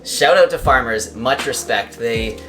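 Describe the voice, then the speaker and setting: A man's voice: mid-range voice, measured pace, over music. A man hosting a casual food vlog, chatting to camera and laughing easily as he cooks and tastes. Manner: chatty, relaxed, laughs often. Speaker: vlog host. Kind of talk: casual chat to camera while cooking and tasting.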